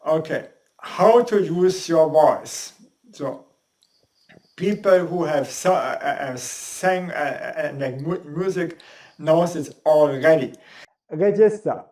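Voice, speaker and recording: A man giving a spoken lesson on how to use the voice, in deliberate, non-native English and demonstrating sounds as he goes. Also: fairly high pitch, darkish tone. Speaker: voice and speaking coach. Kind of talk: instructional talk on speaking. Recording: roomy echo.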